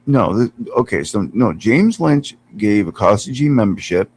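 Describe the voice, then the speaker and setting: Husky, darkish and on the low side, the man's voice is expressive and unhurried, though the audio is poor. He's a live streamer at home chatting casually with viewers, often laughing and cooing at his cat, with his computer mic some distance away.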